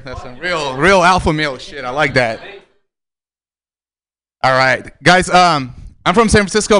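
A man's voice: mid-range voice, pushed and bright, smooth. A man from Armenia doing a stand-up set, delivering his punchlines in a punchy, emphatic way. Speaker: stand-up comedian.

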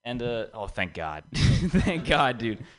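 A man's voice: mid-range voice, big pitch swings, takes it slowly. A young man doing an open-mic stand-up set in a small room, rambling and self-deprecating, full of fillers and "dude". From Indian heritage, grew up abroad. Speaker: stand-up comedian. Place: small comedy room, live.

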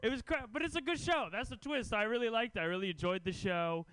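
A male stand-up comic with a notably high, smooth, resonant voice. He delivers his set with wry, deadpan asides to the audience. The recording is close and dry. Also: fast, no echo. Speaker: comedy festival host and comic.

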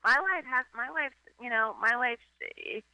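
A woman's voice: a little high, a little slow, no echo. A woman calling in to a radio show, talking in a rambling, casual way with lots of "like" and acted-out voices. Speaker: phone-in guest. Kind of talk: casual chat. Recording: tinny phone line.

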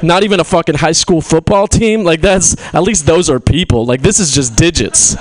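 A man's voice: fairly high pitch, normal speed. A young man from California doing a stand-up set in a small venue, rambling, swearing often and laughing at his own jokes. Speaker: stand-up comedian. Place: small comedy venue with a live audience.

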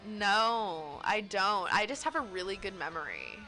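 A woman co-hosting a casual talk show, blunt and quick to correct people, swearing freely. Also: mid-range voice, animated, pushed and bright, soft background music. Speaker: podcast co-host. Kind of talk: casual chat.

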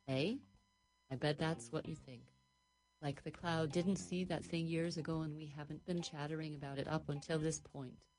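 A woman's voice: deep voice, darkish tone, natural voice, rough recording. A woman voicing a cheeky, chattering talking water droplet in an improvised story, full of folksy teasing asides.

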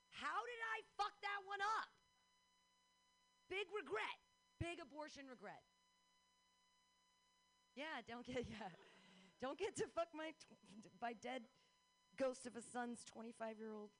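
A woman hosting a comedy show and doing her own stand-up set, with a brash, blunt, deadpan manner. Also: lowish voice, low-quality recording.

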